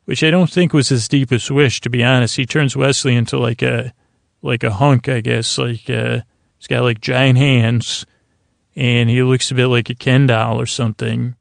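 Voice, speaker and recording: A man's voice: mid-range voice, little pitch movement, normal speed, creaky, no room sound, clean studio sound. A man hosting a podcast, casually recapping a story in a rambling way and loosely quoting the characters as he goes. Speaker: podcast host.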